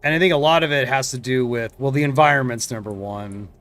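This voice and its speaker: Talking fast in a slightly bright, medium-pitched voice, a young man gives casual commentary while streaming a shooter game. He keeps drifting off into mumbled asides.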